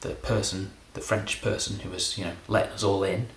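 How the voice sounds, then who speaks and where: Deep-voiced deadpan man. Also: fairly quick, reverberant, slight background noise. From England. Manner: deadpan, self-deprecating, meandering. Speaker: comedy magician. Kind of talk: rambling comedic monologue.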